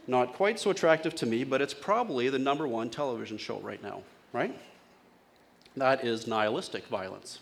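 Male pastor with a mid-range voice, chatty sermon style, keeps questioning his listeners. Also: medium pitch. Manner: conversational, asks the congregation questions.

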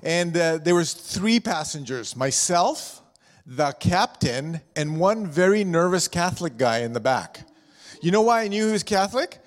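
In a church hall before a live congregation, a middle-aged pastor who also serves as district superintendent delivers a sermon full of humorous stories and questions for the crowd. His voice is high and lively in intonation, and he keeps a measured pace. The sound carries a long hall reverb.

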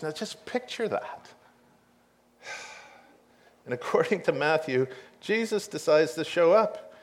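A man preaches with a somewhat high voice, retelling a scripture story in an animated way. He drops to a hush and then builds back up to loud, excited bursts. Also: slow, long pauses. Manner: animated storytelling, swinging between hushed and loud. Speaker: pastor. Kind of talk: sermon with scripture reading.

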